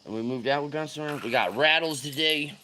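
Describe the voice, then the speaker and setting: A man hosting a fishing livestream, chatting casually and loudly greeting viewers with slang. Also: on the high side, fairly quick, slight background noise. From California.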